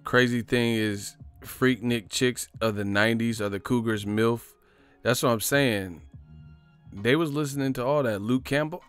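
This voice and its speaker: A man hosting a casual live stream, rambling and swearing, laughing often and acting out movie lines in loud, high voices. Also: measured pace, smooth, no echo, soft background music.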